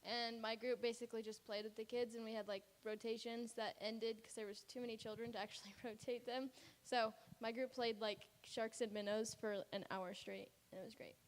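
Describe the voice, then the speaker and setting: A woman's voice: fairly high pitch, little pitch movement, a little fast, hardly any pauses. A woman giving a casual, chatty slideshow report on a mission trip, laughing often as she talks. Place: church sanctuary. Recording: reverberant church hall.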